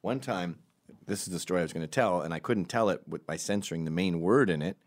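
A man from Canada telling stand-up stories in a wry, profane, animated way. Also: low voice, quick pace. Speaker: stand-up comedian. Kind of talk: stand-up storytelling.

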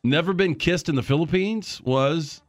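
A man's voice: a little high, dry recording, soft background music. A man hosting a radio show, reading odd news stories and then joking about them with his co-hosts. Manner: reads stories briskly, then jokes around.

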